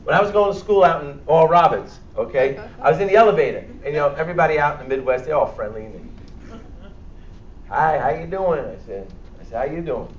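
A man's voice: fairly high pitch, expressive, quick pace, hardly any pauses, crowd noise. A man with a Bronx accent leading a church health workshop, talking bluntly and joking with his audience. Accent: Bronx New York. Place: church hall, speaking to a live audience. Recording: echoey hall, distant and dull.

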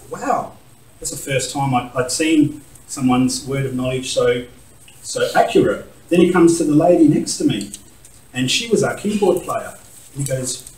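A male guest preacher gives an emotional testimony in a church sanctuary, picked up by a distant mic in an echoey hall with slight background noise. His mid-range, darkish voice has lively intonation at a moderate pace, and he laughs at himself and acts out quoted voices.

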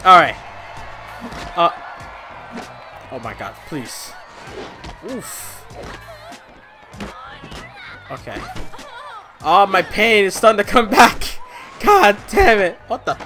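A young man commentating a wrestling video game, loud, excitable and crude, trash-talking the opponent. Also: sits high, slow, pauses often, music in the background. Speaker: gameplay commentator. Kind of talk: let's play commentary.

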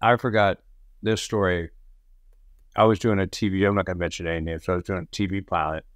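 A man with a low voice tells his stories from film and TV sets in a loose, animated way, acting out the lines of the people in them and swearing as he goes. The sound is dry and close, with no room heard behind him. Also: fast, no room sound. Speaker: podcast co-host and actor. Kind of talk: casual storytelling chat.

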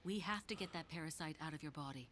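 A terse female agent from a video game cutscene. Her voice sits low, and she keeps every line calm and clipped. A faint hiss runs underneath. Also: fast. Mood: curt.

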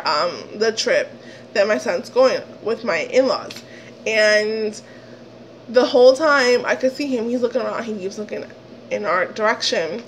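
A woman's voice: a little high, slight background noise, low-quality recording. A young woman from the Dominican Republic telling a storytime vlog as a heated rant, swearing and quoting others. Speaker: vlogger.

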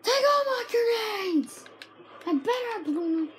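A woman giving frantic, excited commentary while playing a shooter game, often shouting and yelping. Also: extremely high pitch, measured pace, slight background noise. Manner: frantic, shouts and yelps at the action. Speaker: gaming video creator.

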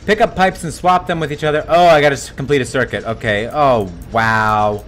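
A man streaming a horror game live, talking to his chat, swearing a lot and yelping and shouting at every scare. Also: medium pitch, fairly quick, slight background noise. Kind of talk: live gameplay commentary.

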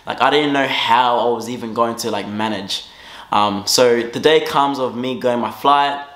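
A young man telling a casual story-time tale in an animated way, swinging between loud bursts and low asides. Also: moderate pace. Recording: roomy echo.

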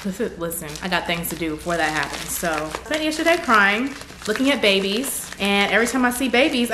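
A young woman from North Carolina, chatting excitedly as she opens fan mail at home for her vlog. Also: mid-range voice, noisy background. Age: young adult. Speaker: vlogger. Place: room at home. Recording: echoey room with faint ambience.

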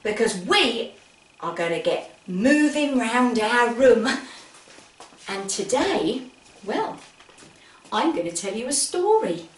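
A woman's voice: fairly high pitch, sing-song, slow, long pauses, far from the mic. A woman leading a music session for toddlers, singing rhymes and telling a story in a coaxing, sing-song way straight to the children. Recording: echoey room, voice away from the mic. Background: guitar music.

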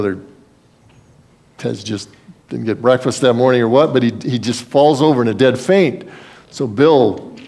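A man's voice: mid-range voice, darkish tone. Earnest man preaching a sermon. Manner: earnest, conversational preaching with folksy asides and a told joke. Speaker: pastor.

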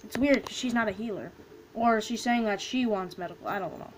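A woman casually commenting as she opens loot boxes in a video game, excitable and quick to chant names and squeal over items. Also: medium pitch, background noise. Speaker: gaming video host.

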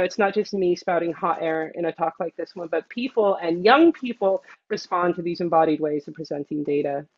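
A woman's voice: fairly low pitch, no room sound, highs cut off. A young woman presenting a design talk in a casual way, full of fillers and "like". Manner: informal, with many fillers and "like".

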